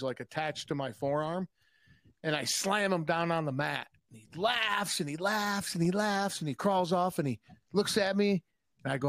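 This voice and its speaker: A young adult man telling profane, animated stories in a casual podcast chat. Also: a little high, no room sound. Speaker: podcast guest.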